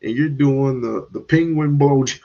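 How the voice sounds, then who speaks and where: A man hosting a livestream, ranting in commentary with sudden loud bursts and chuckles. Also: medium pitch, measured pace, creaky, dull audio. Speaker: streamer host.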